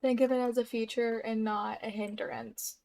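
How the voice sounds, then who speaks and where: A woman's voice: fairly high pitch, flat delivery, normal speed, creaky, a little mellow. A young woman giving casual, chatty gameplay commentary at home, bubbly and giggly, trailing off mid-thought. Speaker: gaming YouTuber. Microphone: desk mic with audible keyboard.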